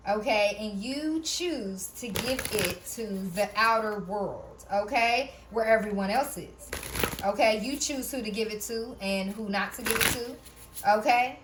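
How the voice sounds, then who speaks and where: A woman's voice: medium pitch, a little slow, noisy background. A woman giving a casual spiritual tarot reading, who keeps checking in with "okay?", laughs often and swears now and then. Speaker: tarot reader.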